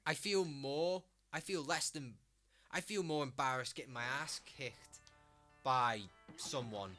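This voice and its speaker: Teen Scouse male streamer, sweary rambler, bright forceful tone, middle pitch. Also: normal speed, a little hiss or hum. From Liverpool, England. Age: late teens. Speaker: live streamer. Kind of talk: casual live-stream chat.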